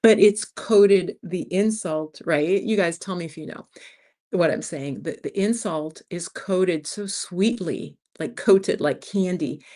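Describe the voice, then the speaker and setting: With a lowish, warm voice, a New York woman in her fifties chats candidly on her casual livestream. She refers to the people watching as "you guys."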